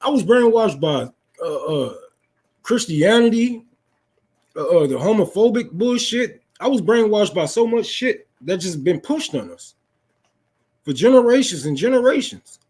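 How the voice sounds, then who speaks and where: A young man with a high, husky voice rants about politics with no script. He swears freely and sounds fired-up and preachy, talking straight at his audience. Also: very animated, a little slow, darkish tone. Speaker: political talk host. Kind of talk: unscripted political rant.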